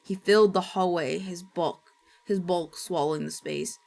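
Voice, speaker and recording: A woman streamer reading a horror story aloud in steady, dramatic narration. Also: lowish voice, moderate pace, vocal fry.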